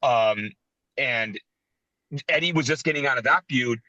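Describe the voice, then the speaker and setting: A man in his thirties co-hosting a casual wrestling podcast, telling animated, sentimental stories. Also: medium pitch, measured pace, no room sound, dull audio. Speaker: podcast co-host.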